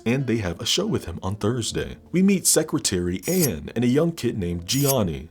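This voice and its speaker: Slangy, low-voiced man recapping a film. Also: darkish tone. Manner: slangy, joking asides; mimics characters in mocking voices. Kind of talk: casual film recap commentary.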